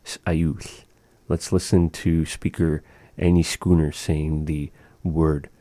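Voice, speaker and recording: A man leads a language lesson in a slow, patient way, repeating each word for his listeners. His voice sits very low and sounds mellow. The recording is dry and close. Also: little pitch movement, no echo. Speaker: language teacher.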